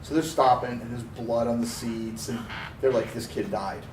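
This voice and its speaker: A man's voice: medium pitch, normal speed. Man telling a story in a roomy space. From Pennsylvania, USA. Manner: animated storyteller, acts out quoted voices. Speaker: podcast co-host. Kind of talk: casual storytelling chat. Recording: roomy, distant mic with faint noise.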